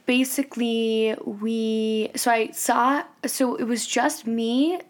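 A young woman in casual podcast chat, rambling through a story with fillers and quick asides. Her voice sits fairly high. She drops into quoted lines as she goes. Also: steady tone. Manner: chatty storyteller, quotes people in a higher voice. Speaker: podcast co-host. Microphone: studio microphone.

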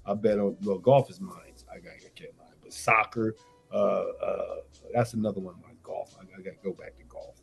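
A man's voice: fairly low pitch, fairly even intonation, fairly quick, vocal fry, soft background music. A man on a radio show, bragging loosely about his fighting and betting, with rambling slang and swearing. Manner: boastful, rambling, profane slang. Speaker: radio guest. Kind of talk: boastful casual chat.

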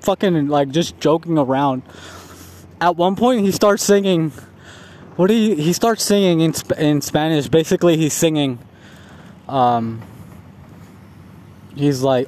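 Young man, casual vlog, rambling storytelling, profane, laughs a lot, slightly high pitch, dark mellow tone. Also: normal speed, slight background noise. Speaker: vlogger.

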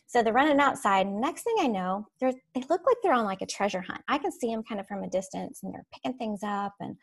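A woman teacher telling classroom stories in a casual, animated way, laughing as she goes. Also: medium pitch, quick pace, vocal fry. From Florida. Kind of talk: casual storytelling on a podcast.

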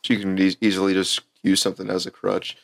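A man acting as game master, describing scenes and calling for rolls in a relaxed way. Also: sits low, fast, gravelly. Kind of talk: narrating a tabletop game.

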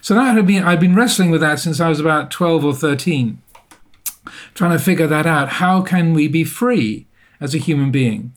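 A man telling a personal story as an interview guest, thoughtful and self-deprecating, often pausing to rephrase. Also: fairly high pitch, expressive. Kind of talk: reflective storytelling.

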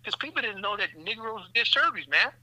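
A physician appears as a guest on a podcast interview, telling stories in an animated, profane way, laughing often and calling the listener "man" and "brother." His voice is high-pitched and fast. The low-quality recording carries a loud crowd.

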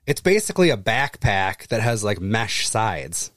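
A man's voice: lowish voice, big pitch swings, a little slow, fairly bright tone, dry recording, studio quality. A man in his thirties telling stories on a casual podcast, swearing freely and acting out the people he talks about. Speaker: podcast co-host. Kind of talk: casual chat.

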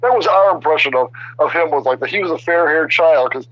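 An older man in his sixties chats as a guest, his stories full of restarts and sudden animation. His voice sits a little high. The audio is dry and somewhat dull, like a remote radio call. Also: fast, dry recording. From Chicago area. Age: 60s. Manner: rambling, animated, many restarts. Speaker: guest artist. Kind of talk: casual storytelling interview.

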